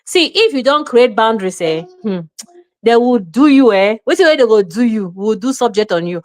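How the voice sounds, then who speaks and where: Forceful Nigerian woman lecturing. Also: on the high side, animated, normal speed. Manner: forceful, lecturing, mixes in Pidgin; acts out little scenes in quoted voices. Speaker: show host. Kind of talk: opinionated commentary.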